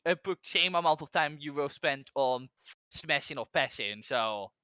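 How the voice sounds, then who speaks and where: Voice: medium pitch, lively intonation, normal speed, pushed and bright, smooth, dry recording. Giggly swearing voice on a game stream. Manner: giggly, loose, swears casually. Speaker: guest player. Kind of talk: casual chat while gaming.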